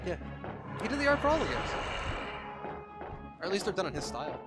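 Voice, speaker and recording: Joking high-voiced man streaming a game. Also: sing-song, a little fast. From New Jersey. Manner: jokey, laughing, swears casually. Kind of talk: casual gaming livestream banter. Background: game music.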